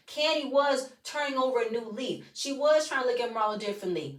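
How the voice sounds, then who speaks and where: A woman's voice: high-pitched, expressive, fairly quick, hardly any pauses. Woman, casual TV recap, blunt, profane, sassy, echoey room, distant mic. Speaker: reality TV reviewer. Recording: roomy, voice from a distance.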